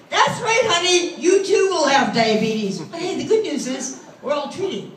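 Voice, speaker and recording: She has a high, sing-song voice and talks at normal speed with hardly any pauses, recorded from a distance with slight background noise. A middle-aged comedian doing a crude, self-mocking set on a comedy club stage, she's filmed on a phone from the audience, with the echoey room's crowd laughing.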